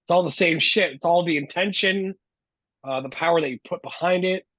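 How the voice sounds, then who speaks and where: A man's voice: a little high, a little fast, bright, forceful tone, no echo, highs cut off. A man hosting a podcast, reacting emphatically and cursing freely in casual chat. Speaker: podcast host.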